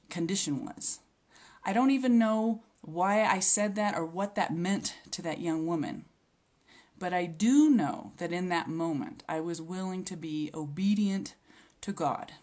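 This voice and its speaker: A woman's voice: lowish voice, unhurried, a little mellow. Earnest woman telling a faith story. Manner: earnest and reflective, with occasional hesitations. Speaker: speaker sharing a healing testimony. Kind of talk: personal faith testimony.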